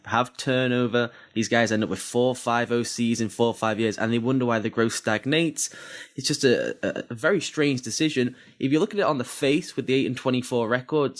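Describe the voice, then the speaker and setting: A man co-hosting a sports podcast, giving analytical breakdowns in quick runs of detail with small restarts. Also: mid-range voice.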